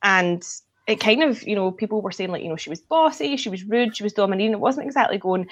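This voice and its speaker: A woman host in easy, chatty conversation, blunt and outspoken. She swears casually as she goes, in a relaxed, natural voice. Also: medium pitch, quick pace, muffled recording. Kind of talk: casual chat.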